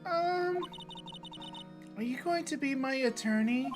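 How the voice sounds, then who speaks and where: A player voicing a jumpy, anxious young woman who talks in a high, stammering voice, over soft game music. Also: expressive, slow pace. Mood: weary. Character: young female spirit medium, jumpy and anxious.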